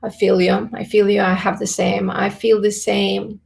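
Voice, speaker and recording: Effusive woman with a creaky voice. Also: medium pitch, little pitch movement, normal speed. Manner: warm, effusive and affectionate. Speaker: beauty and health YouTuber. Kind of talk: casual livestream chat reading viewer comments.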